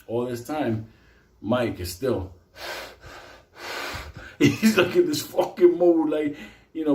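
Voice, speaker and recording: A man telling a comic story in a profane, animated way, swinging between loud bursts and quiet asides. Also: medium pitch, extremely slow, pauses often. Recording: echoey room.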